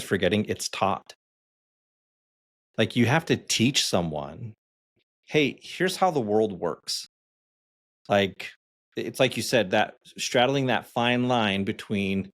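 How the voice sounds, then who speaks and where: A man in his forties co-hosting a podcast, chatting casually and telling stories with fillers and frequent laughs. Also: fairly low pitch. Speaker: podcast co-host.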